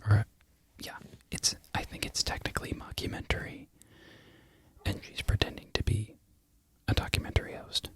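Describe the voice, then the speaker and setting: A man in a whispered ASMR ramble who loses his train of thought and laughs softly at himself. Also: fairly low pitch. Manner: mostly unvoiced whisper. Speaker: crochet content creator.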